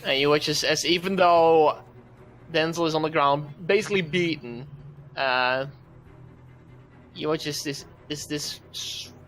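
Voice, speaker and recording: A man narrating as dungeon master in a casual streamed game, with sudden loud bursts. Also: on the high side, unhurried, long pauses, a little hiss or hum.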